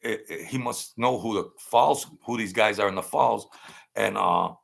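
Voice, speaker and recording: A man's voice: lowish voice, normal speed, creaky. An older man, telling a rambling story in street slang and often repeating himself. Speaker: channel host. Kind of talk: casual storytelling.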